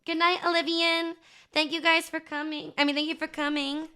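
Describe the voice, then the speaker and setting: A woman's voice: high-pitched, level tone, moderate pace, pushed and bright. A young woman streamer chatting casually to her live chat, bubbly and gushing, with lots of fillers.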